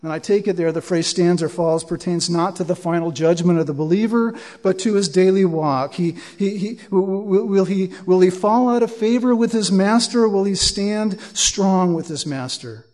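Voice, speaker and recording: High-voiced emphatic male preacher. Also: moderate pace, hardly any pauses, darkish tone. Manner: emphatic, repeats words and asks "right?" often. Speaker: pastor. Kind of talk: expository sermon.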